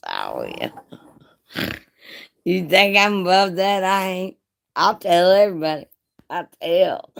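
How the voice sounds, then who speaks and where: A woman's voice: deep voice, creaky. A woman chatting casually on a live stream, showing off jewelry, teasing her viewers and laughing with folksy slang.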